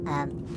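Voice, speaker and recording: A woman does let's play commentary on a horror game, panicking, swearing constantly and laughing nervously while game music plays behind her.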